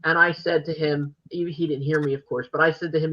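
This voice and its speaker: Bright-voiced older woman, gushing host. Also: sits low, fairly quick, hardly any pauses, slight background noise, poor audio. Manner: animated, gushing fan storytelling. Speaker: podcast host. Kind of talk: casual chat.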